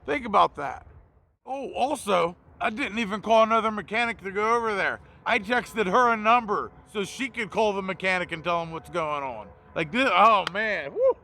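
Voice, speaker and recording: A man tells a confessional story in a blunt, self-mocking way and swears freely. His voice is high and bright with a rough, gravelly grain. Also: expressive, normal speed, a little hiss or hum. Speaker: mobile mechanic and video host.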